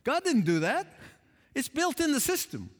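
A high-voiced man preaching with a lively, swooping delivery. He presses hard on key points and chuckles between lines. His voice rings out with a long hall reverb. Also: moderate pace. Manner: emphatic preacher, rising loud on key points, chuckling often. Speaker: pastor. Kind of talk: sermon.

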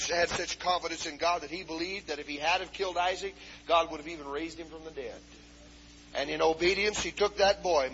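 A fervent male preacher with a high, sharp-edged voice, punctuating his sermon with hallelujahs and "uh" fillers and climbing into shouts. The recording is a dull, lo-fi 1970s tape with a faint hiss behind him. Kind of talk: fiery Pentecostal sermon.

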